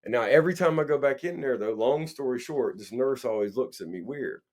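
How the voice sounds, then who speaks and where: A man's voice: mid-range voice, a little fast. A man co-hosting a casual podcast, telling stories with profanity and acting out the dialogue. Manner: animated, profane, acts out dialogue. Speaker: podcast co-host. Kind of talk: casual storytelling chat.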